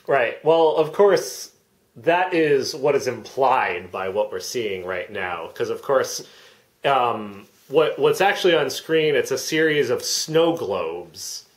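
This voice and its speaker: A man's voice: medium pitch, expressive, slow. A man on a parody commentary track, speaking matter-of-factly with many ums. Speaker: comedic fake commentary speaker.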